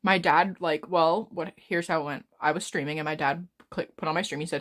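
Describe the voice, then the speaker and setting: Twenties woman streamer, fast, rambling, profane, fairly low-pitched. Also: fairly even intonation, fairly bright tone. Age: 20s. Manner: rambling, swears a lot, talks fast. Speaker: livestreamer. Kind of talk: casual live stream chat.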